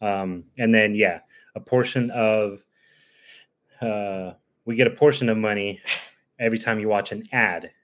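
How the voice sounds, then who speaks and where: A man's voice: measured pace, long pauses, a bit bright, highs cut off. A man hosting a casual live stream, chatting and laughing often with friends. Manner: laughing often, coaxing pets in a high voice.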